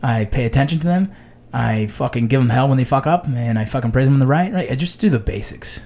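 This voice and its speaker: An army veteran in his thirties hosts a casual podcast chat, speaking quickly at a medium pitch. He's blunt and swears a lot, telling stories with real animation.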